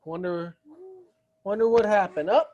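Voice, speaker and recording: A man's voice: high-pitched, measured pace, mellow, highs cut off. A young adult man chatting casually as a podcast guest, often restarting and repeating words. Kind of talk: casual chat.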